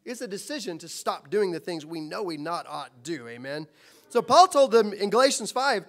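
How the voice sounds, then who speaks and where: Impassioned high-voiced male preacher. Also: big pitch swings, moderate pace, fairly bright tone. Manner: impassioned, rising and falling, rhetorical questions. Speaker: pastor. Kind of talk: sermon.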